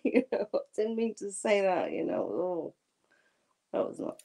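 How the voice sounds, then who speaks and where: A woman's voice: mid-range voice, sing-song, moderate pace, vocal fry, warm tone. A woman, a guest telling a personal story candidly in casual chat. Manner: candid storytelling with frequent laughs.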